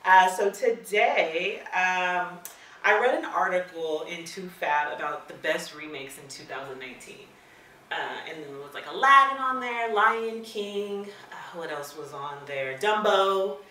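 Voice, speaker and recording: A woman co-hosting a casual podcast, chatting in a relaxed, conversational way. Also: on the low side, unhurried, roomy sound, far from the mic, a little hiss or hum, poor audio. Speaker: podcast co-host. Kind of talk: casual chat.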